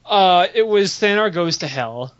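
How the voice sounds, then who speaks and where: A young man with a high voice tells comedic stories on a podcast in a casual, animated way, speaking at a measured pace and swearing often. He acts out quotes with big jumps in pitch. The audio is dull, lo-fi podcast sound.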